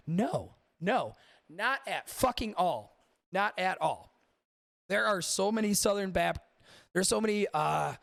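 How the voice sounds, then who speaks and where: A man's voice: high voice, creaky, fairly bright tone, dry recording, studio quality. A man hosting a podcast livestream, chatting casually and profanely, rambling and talking to his chat. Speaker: podcast host.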